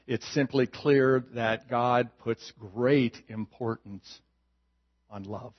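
A male pastor preaching a sermon in a slow, measured way with gentle humor. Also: medium pitch, highs cut off.

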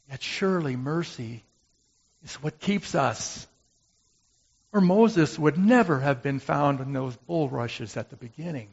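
A man playing a gentle, humble brother of Moses in a slow, musing dramatic monologue. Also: mid-range voice, gravelly, slightly rough, muffled recording, exaggerated voice. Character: gentle brother of Moses, who made the golden calf, humble and reflective.

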